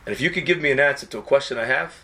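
A man giving an animated storytelling talk to his students, conversational and peppered with Hebrew and Yiddish terms. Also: medium pitch, very fast.

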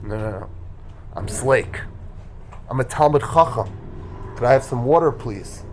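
A man voicing an indignant, sheltered young male scholar in a told story, shouting his outraged complaints. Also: medium pitch, lively intonation, unhurried, slight background noise, pitched below the performer's own voice, natural voice.

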